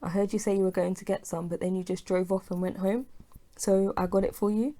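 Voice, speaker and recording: A woman's voice: mid-range voice, level tone, fairly quick, dark tone, close to an everyday voice. A woman reading the lines of a polite, persistent young man who keeps apologizing. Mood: earnest. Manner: eager, apologetic, keeps offering to pay.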